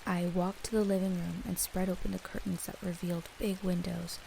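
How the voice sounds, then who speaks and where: A young woman reading a first-person horror story in a steady, scripted narration. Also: lowish voice, fairly quick, vocal fry, a little hiss or hum, rough recording.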